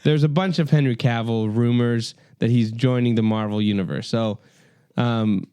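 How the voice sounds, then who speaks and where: A man hosting a casual podcast, talking loosely with plenty of fillers. His voice is warm and smooth. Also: medium pitch, fairly even intonation, normal speed. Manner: loose, filler-heavy news rundown. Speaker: podcast host. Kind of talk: casual chat.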